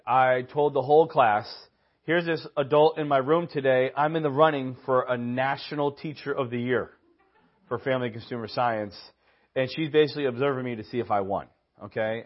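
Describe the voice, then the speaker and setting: A man teaching at a church in a conversational sermon style, with casual asides and personal stories. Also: on the high side. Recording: dull lo-fi audio.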